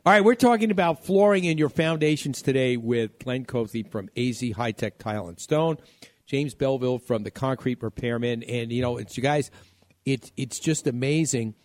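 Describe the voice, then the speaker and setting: A man's voice: mid-range voice, normal speed, no echo. A man from New York hosting a home-improvement radio show, chatty and rambling, laughing often. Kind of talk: casual chat.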